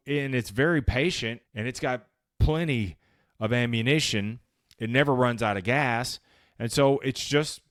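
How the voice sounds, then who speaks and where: A man's voice: medium pitch, dry recording, studio quality. Emphatic man hosting a motivational podcast. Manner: casual, emphatic, slangy, acts out inner voices. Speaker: podcast host.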